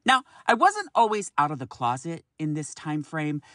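A man in his thirties hosting a solo podcast, talking in an animated, exasperated way, swearing freely and laughing often. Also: on the high side, moderate pace, dry recording, clean studio sound. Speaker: podcast host.

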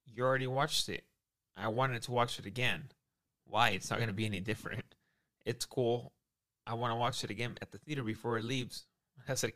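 A man of ordinary pitch chatting casually with a friend. He ribs his buddy and replays both sides of an old text argument. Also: fairly even intonation, brisk, pushed and bright. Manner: teasing, acts out both sides of a text exchange. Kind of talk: casual banter.

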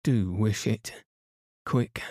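A man's voice: lowish voice, extremely slow, darkish tone, dry recording, clean studio sound, full character voice. A man voicing a grumpy, tired old sand fairy in a storybook, fretful and complaining.

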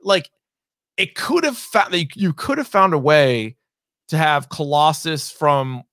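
A man's voice: on the high side, animated, slow, a bit bright, no room sound, studio quality. A man co-hosting a movie podcast, talking casually and rambling, full of fillers, swearing and acted-out asides. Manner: rambling, profane, many fillers and quoted asides. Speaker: podcast co-host. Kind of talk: casual movie review chat.

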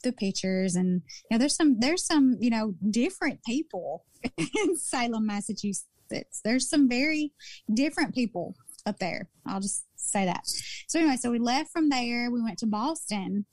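A Southern woman with a fairly high voice tells stories on a podcast, chatty and animated, circling back to repeat her favorite lines. The sound is dry and close, with no room around it. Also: normal speed, no echo. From Mississippi. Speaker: podcast co-host. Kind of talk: casual storytelling chat.

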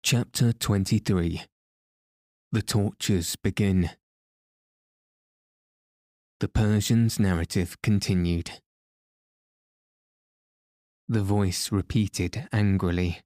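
A man narrating an audiobook with measured, even storytelling. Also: low voice, no echo, clean studio sound. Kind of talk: scripted narration.

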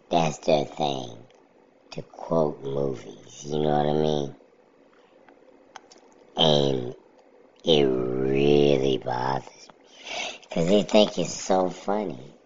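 A man's voice: extremely low pitch, dull audio. A man in casual chat, ranting bluntly about things that annoy him.

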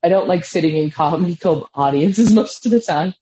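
A woman's voice: on the low side, brisk, dark tone. A woman comedian telling stories casually as an interview guest over a video call, acting out what people said to her. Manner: storytelling, acts out quotes with lots of "like". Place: apartment above a bar. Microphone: headphones on a video call. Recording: dull lo-fi call audio.

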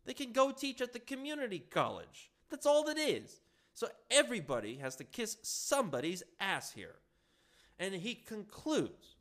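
A man's voice: sits high, wildly swooping pitch, moderate pace, a bit bright. A man delivering heated solo political commentary, sarcastic and profane, reacting to what he reads.

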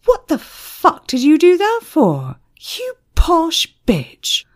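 A woman's voice: very high voice, wildly swooping pitch, takes it slowly, voice pushed up, full character voice. A woman doing a sneering crude male bar patron. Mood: angry. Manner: sneering and leering.

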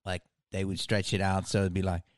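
Host type, lower-voiced man, loose rambling comic patter, laughs a lot. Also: level tone, fast talker, no room sound, studio quality. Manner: rambling, swears, laughs often. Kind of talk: casual comedic chat.

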